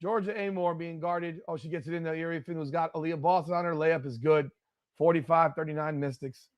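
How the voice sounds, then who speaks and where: A man's voice: on the high side, fairly even intonation, brisk. A man hosting a live watch-party stream, calling the plays in a blunt, profane way with exasperated outbursts. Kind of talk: live play-by-play watch-along commentary.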